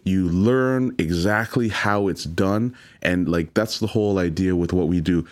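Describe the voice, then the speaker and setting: A man's voice: sits low, measured pace. A man, a chef, talking earnestly in an interview, often stumbling and repeating his words. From Toronto, Canada. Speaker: chef and restaurant owner. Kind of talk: conversational interview.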